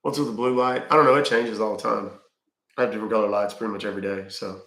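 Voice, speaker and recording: Middle-aged Texan livestream host, gravelly, blunt Q&A with dry humor, echoey room. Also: male voice, lowish voice, steady tone, quick pace, a bit bright. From Texas. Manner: reads viewer questions aloud and answers bluntly, dry jokes. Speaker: livestream host answering chat. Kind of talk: casual livestream chat.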